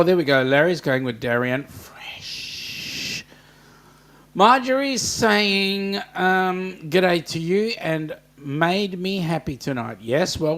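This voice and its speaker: A man's voice: a little high, a bit bright. An Australian man co-hosting a casual livestream, reading out viewer greetings and teasing his co-host.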